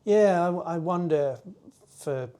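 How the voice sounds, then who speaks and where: A man's voice: fairly high pitch, takes it slowly, dark tone, clean tone. A man hosting an interview, mostly giving short affirmations and asking thoughtful questions. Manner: brief affirmations, reflective questions. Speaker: interviewer, host. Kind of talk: casual interview.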